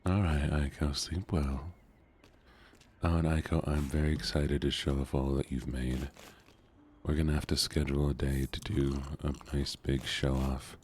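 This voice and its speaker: A tired, soft-spoken man streaming from home, chatting in a groggy morning voice with drifting pauses. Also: extremely low pitch, little pitch movement, slight background noise.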